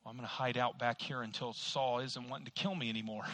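A man voicing a young man in hiding who answers in a lower, quieter, matter-of-fact way. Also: fairly even intonation, fast talker, no echo, natural voice. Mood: sheepish.

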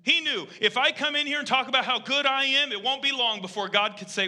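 A man preaching a sermon, rising to loud, emphatic peaks and dropping to hushed, earnest intensity. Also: extremely high pitch, brisk.

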